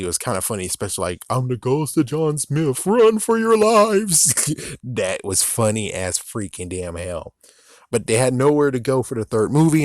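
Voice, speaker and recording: A man's voice: medium pitch, no room sound, clean studio sound. A man giving a casual, ranting opinion commentary on films, often mocking others in put-on voices. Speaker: video commentator.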